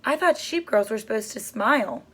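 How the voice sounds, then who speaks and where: A woman's voice: a little high, animated, moderate pace, fairly bright tone, slightly rough. Woman doing a smug thief, storybook. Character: boastful male sneak thief.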